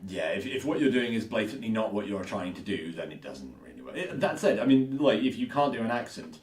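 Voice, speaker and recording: A man co-hosts a podcast in casual conversation, thinking aloud and often repeating himself. His fairly low voice swings widely in pitch, with a brisk pace and darkish tone, and the distant mic picks up an echoey room.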